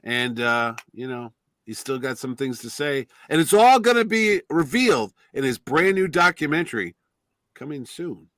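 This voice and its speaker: A man hosting a casual fan chat show, trading jokes and quick banter. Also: mid-range voice, sing-song, fairly bright tone, no echo, studio quality. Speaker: podcast host.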